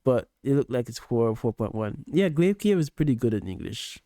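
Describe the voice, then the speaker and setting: A man in casual reaction commentary, his voice dark and mellow and close to the mic in a dry, dead room. He talks patiently, stumbles and repeats words as he explains his point. The pitch sits in a middle register. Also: sing-song, moderate pace, no room sound. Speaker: streamer reacting to a video.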